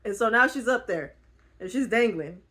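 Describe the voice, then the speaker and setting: A woman's voice: a little high, animated, normal speed, a bit bright. A woman retelling a book in a casual, rambling way, giggling often and using lots of fillers. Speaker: book reviewer.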